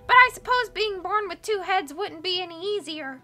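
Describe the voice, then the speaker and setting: A woman reading an audiobook, voicing a boy who speaks in a forced, strained, squeaky high voice. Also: lively intonation, normal speed, bright, forceful tone, soft background music, exaggerated voice. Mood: earnest.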